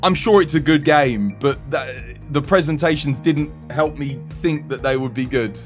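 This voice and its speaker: Animated British young man, slightly high voice. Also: normal speed, soft background music. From United Kingdom. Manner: animated, laughing, exasperated banter. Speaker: streamer. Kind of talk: casual live-stream chat.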